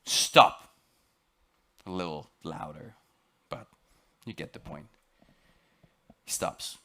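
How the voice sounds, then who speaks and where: Deep-voiced French-accented man lecturing. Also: gravelly, a bit bright. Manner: dramatic, emphatic, with halting repeats. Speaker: expedition lecturer. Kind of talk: motivational storytelling lecture. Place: lecture on a cruise ship.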